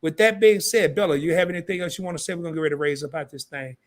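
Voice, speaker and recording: Slangy upbeat man hosting a live stream. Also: a little high. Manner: loose slangy banter, quick asides to viewers. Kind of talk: casual live stream sign-off.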